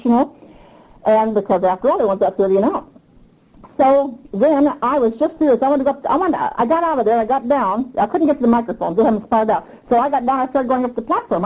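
Older woman interviewee, mellow, a touch high; emphatic, repetitive storyteller who gets revved up. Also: low-quality recording. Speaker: union member interviewee. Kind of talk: oral history interview.

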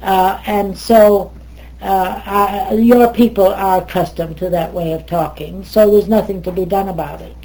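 A woman's voice: medium pitch, steady tone, a little slow, warm tone, close to an everyday voice, poor audio. Older woman doing a haughty English speech teacher. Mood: scornful.

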